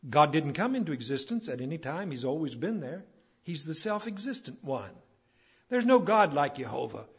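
A man preaching a sermon, building to emphatic peaks and then dropping low. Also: breathy edge. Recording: dull lo-fi recording.

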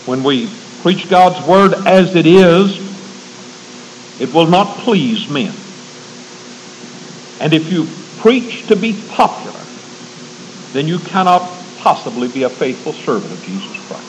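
A man preaching a sermon in an earnest, measured way, reading and quoting scripture to a congregation that includes men training to preach. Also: fairly high pitch, big pitch swings, slight background noise, poor audio.

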